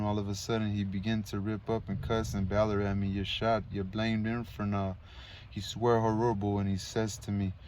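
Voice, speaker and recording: A man voicing a wounded, rambling male soldier who talks in a slow, rustic, slurred drawl. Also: lowish voice, a little mellow, a little hiss or hum, lightly acted.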